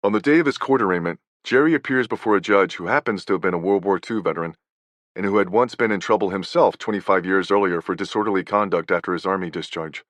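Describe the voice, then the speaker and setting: Deep-voiced man narrating an audiobook. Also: fairly bright tone, no room sound. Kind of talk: scripted nonfiction narration.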